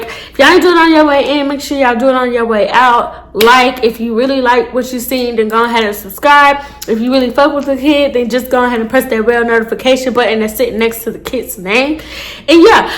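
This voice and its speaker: A woman tells her storytime straight to her viewers. Her voice sits somewhat high, and she talks in a loose, profane, animated way, like a vlogger chatting with her followers. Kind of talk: casual storytime.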